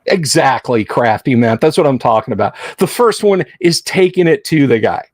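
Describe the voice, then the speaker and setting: A man's voice: mid-range voice, expressive, moderate pace, no echo. A man hosting a livestream, chatting casually and jokingly with his viewers and rambling between points. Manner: chatty, rambling, jokey, answers chat. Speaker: livestream host.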